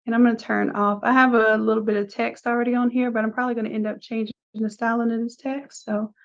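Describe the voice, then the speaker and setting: Woman, design instructor, live class; casual and chatty, narrates each click; a bit high-pitched; muffled stream audio. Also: little pitch movement, quick pace. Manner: casual, chatty, talks through each step. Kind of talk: live screen-share tutorial.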